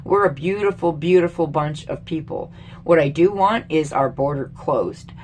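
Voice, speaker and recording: A middle-aged Canadian woman vlogger rants angrily to camera about politics, swearing a lot and sounding exasperated. Her voice is low and a little mellow, moving at a moderate pace, with some hiss or hum in the background.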